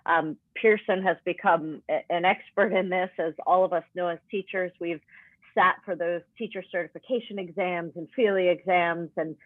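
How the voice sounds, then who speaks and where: A woman's voice: lowish voice, fairly even intonation, moderate pace, dry recording. A woman co-hosting a webinar, adding thoughtful, somewhat hesitant commentary. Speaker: webinar co-host. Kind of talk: conversational commentary. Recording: tinny phone-like audio.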